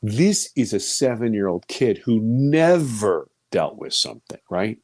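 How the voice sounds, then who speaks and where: A man in his fifties, speaking a little slowly in a lowish voice, shares a personal story as a guest in an interview. He's animated throughout, lurching between loud outbursts and quiet near-whispers, recorded dry.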